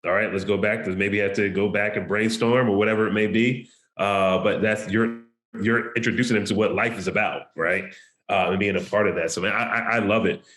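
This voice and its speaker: A man's voice: lowish voice, steady tone, fairly quick, fairly bright tone, reverberant. A man hosting an interview who affirms his guest often and keeps the talk moving. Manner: encouraging, affirming, with frequent yeahs. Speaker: host.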